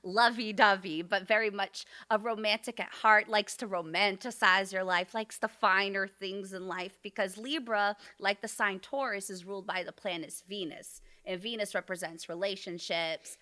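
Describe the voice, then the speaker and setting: A woman's voice: mid-range voice, fairly even intonation, moderate pace, few pauses, bright, forceful tone. A young woman guest on a podcast, explaining astrology in casual, slangy chat full of fillers. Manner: chatty, slangy, many fillers.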